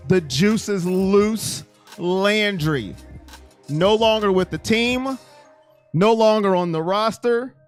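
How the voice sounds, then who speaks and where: A man's voice: sits high, slow, faint music behind. A man hosting a casual live stream, talking through viewer chat in a rambling, talkative way.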